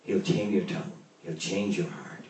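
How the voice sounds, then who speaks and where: A man preaching a sermon as pastor, swinging from loud, raised exhortation to low, quiet emphasis. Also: moderate pace, slight background noise. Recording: roomy, distant mic with faint ambience.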